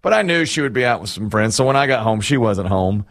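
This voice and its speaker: A man's voice: lowish voice, lively intonation, fast, a bit bright, no echo, clean studio sound. A middle-aged man hosting a casual chat, telling rambling, self-deprecating stories and laughing often.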